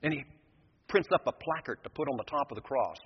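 An older male preacher tells a scripture story in an emphatic, storytelling way, his voice husky and of middling pitch. The sound is dull and lo-fi, with a long reverb from a large hall. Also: lively intonation, fairly quick. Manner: vivid storytelling, emphatic, acting out the scene. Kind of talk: sermon retelling a scripture story.

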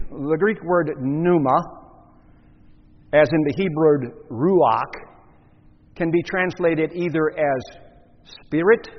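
Man, preacher, fairly high voice, teaching sermon, rhetorical questions, reverberant hall. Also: slightly rough. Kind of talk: expository sermon. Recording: muffled, echoey hall recording.

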